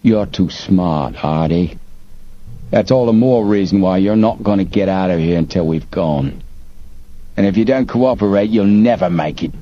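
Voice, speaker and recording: A man voicing a sour, menacing male smuggler chief in an audiobook, speaking slowly and threateningly. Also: sits low. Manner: slow, sour, menacing delivery. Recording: dull lo-fi recording, faint hiss.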